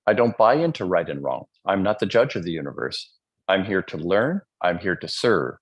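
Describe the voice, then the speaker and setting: A man's voice: low-pitched, sing-song, normal speed, slightly rough, dull audio. A man giving a live motivational speech in a fervent way, often asking the audience questions and acting out quotes in changed voices. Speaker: motivational speaker.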